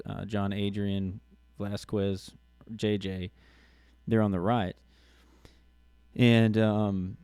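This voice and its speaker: Man, middle-aged, podcast host, low gravelly voice, halting casual storytelling, dry close sound. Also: dark tone, no room sound. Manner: halting, many restarts and fillers.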